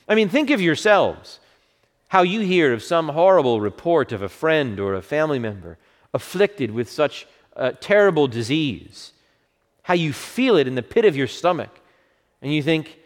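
A man preaching a sermon with fervent swells of emphasis and softer, hushed moments. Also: on the high side. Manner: fervent, rising to bursts then dropping to hushed quotes. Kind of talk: expository sermon. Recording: long reverb of a large hall.

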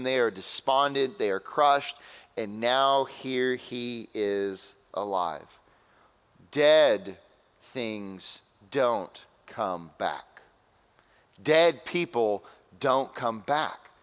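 A male pastor preaching a sermon in a conversational way, with dramatic pauses. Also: medium pitch, fairly bright tone, clean tone, big-room sound.

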